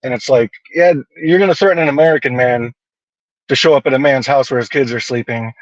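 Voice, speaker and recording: A man's voice: medium pitch, brisk, no room sound. Blunt, swearing man on a dull recording. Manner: blunt, profane, animated storytelling. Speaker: podcast guest. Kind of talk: casual podcast chat.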